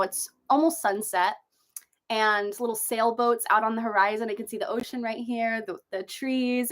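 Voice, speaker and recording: A young adult woman from San Diego, USA, an author and video creator, hosts a casual livestream from her desk at home overlooking the ocean. Bubbly, effusive, and a bit high-pitched, she gushes while reading comments, her pitch often jumping up on greetings.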